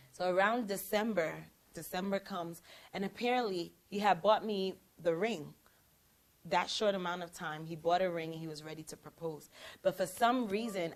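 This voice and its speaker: Lively woman telling a story. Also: fairly low pitch. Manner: animated, acts out quoted lines. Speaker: prophetess and show host. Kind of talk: storytelling in casual chat.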